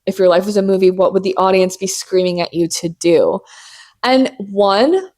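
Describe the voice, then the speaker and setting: Hyped-up, swearing young woman podcaster. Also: medium pitch. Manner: animated, profane, self-mocking, fast bursts. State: caffeinated and hyped. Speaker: podcast host. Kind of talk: casual solo podcast chat.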